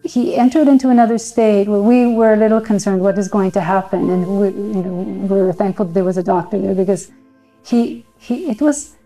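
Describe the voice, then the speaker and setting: Woman, mid pitch, mellow, halting emotional testimony. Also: soft background music, low-quality recording. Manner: halting, restarting sentences.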